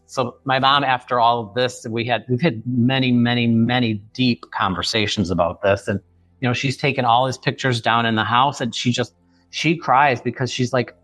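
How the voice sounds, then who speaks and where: A man in his fifties from the Chicago area, telling a family story as a guest on a podcast, earnest and halting. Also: medium pitch, steady tone, fairly bright tone, dry recording, faint music behind. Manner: earnest, halting, many restarts. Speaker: author guest. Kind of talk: podcast interview.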